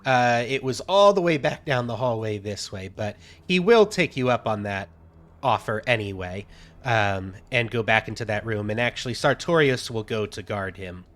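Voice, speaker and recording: A man running a tabletop game as game master, talking in a halting way with many fillers as he narrates scenes to his players. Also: on the low side, lively intonation, fairly bright tone. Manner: halting, many fillers while reading out descriptions.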